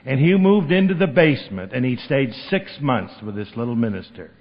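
Man, storytelling talk, acts out the people he quotes, mid-pitched, muffled lo-fi sound, long hall echo. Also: expressive, normal speed. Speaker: speaker at a recovery meeting. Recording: dull lo-fi recording with long hall reverb.

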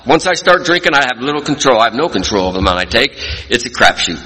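Earnest man with a bright voice. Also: medium pitch, big pitch swings, quick pace, breathy edge. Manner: earnest, folksy storytelling. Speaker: speaker sharing recovery story. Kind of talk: personal testimony talk. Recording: long hall reverb.

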